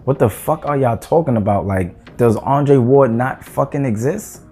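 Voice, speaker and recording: Fired-up male vlogger, exasperated and cursing, warm low-toned timbre. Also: unhurried, husky, soft background music. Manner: heated, profane, exasperated ranting. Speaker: boxing commentator. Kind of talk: ranting opinion vlog.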